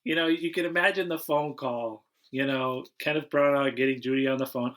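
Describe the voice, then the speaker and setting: A man hosting a casual comedy podcast, with a voice of middling pitch. He recaps a movie in a relaxed, wry way. He often circles back and restarts his sentences as he goes. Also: fairly quick. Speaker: podcast host.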